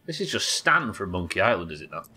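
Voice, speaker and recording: A man's voice: low voice, big pitch swings, fast, pushed and bright. A man livestreaming a game, chatting, swearing and thinking aloud. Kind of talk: casual gameplay commentary.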